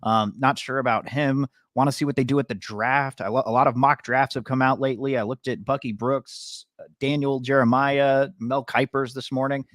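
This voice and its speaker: A man's voice: medium pitch, steady tone, moderate pace, a bit bright, no echo. British-born man, podcast co-host, rambling casual sports takes, mid voice, dry recording. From Britain. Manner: rambling, self-correcting opinions.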